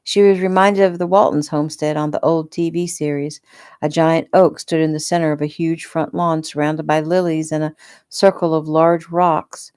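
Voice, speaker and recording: A woman reading her own novel aloud in a relaxed, unpolished, casual way. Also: sits low, normal speed, smooth. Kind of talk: casual audiobook narration.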